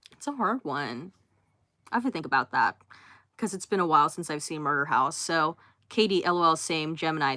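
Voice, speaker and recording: Bright young woman chatting on a livestream. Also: sits low, dry recording, clean studio sound. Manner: reads out chat names and answers each briefly, with laughs and fillers. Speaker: livestream host. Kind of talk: casual livestream chat reading viewer comments. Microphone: phone.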